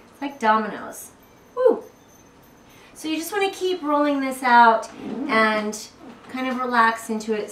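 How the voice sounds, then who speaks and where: A woman's voice: on the high side, fairly bright tone. A woman from South Carolina with a faint Southern accent, chatting playfully as she leads a floor stretching workout while rolling on a tennis ball. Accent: faint Southern American, mostly lost. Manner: chatty and playful, breaks off to chat mid-exercise. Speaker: fitness instructor. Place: echoey room, away from the mic. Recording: roomy echo, distant mic, faint hiss.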